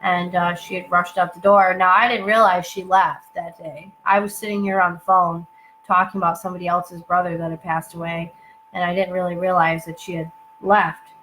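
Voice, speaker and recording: Low-voiced woman telling a story. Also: little pitch movement, pushed and bright, a little hiss or hum, poor audio. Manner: halting, with many fillers and asides. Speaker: channel host telling her story. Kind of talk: personal storytelling to camera. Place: at home.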